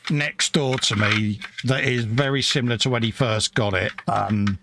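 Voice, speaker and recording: A man's voice: mid-range voice, moderate pace, creaky, very noisy. A man in his fifties from the UK co-hosting a casual hobby livestream, joking around, calling everyone mate and reading out chat messages, with the odd cough. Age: 50s. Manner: jokey, chummy, calls everyone mate. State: coughing now and then.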